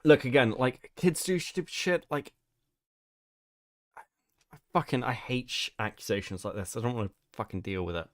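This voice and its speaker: A British man hosting a live stream, reacting with profane, mocking commentary. His voice swings widely in pitch as he jeers. The sound is dry and close, with no room around it. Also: sing-song, moderate pace, pauses often, no echo. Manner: profane, mocking, loud outbursts. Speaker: streamer host.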